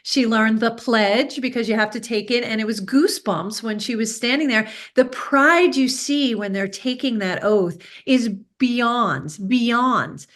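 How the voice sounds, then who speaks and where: A woman hosting a casual interview chat, talking in an earnest, animated way. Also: on the high side, measured pace, few pauses. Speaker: host and success coach.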